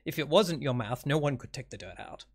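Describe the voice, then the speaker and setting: A man's voice: medium pitch, animated, brisk. Guy gm narrating a tabletop game, lots of ums, kinda rambling. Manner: filler-heavy, meandering narration. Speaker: game master.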